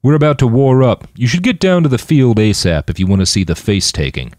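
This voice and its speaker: A male narrator voicing a loud, boisterous chromed warrior. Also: low-pitched, animated, moderate pace, no room sound, studio quality. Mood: rowdy.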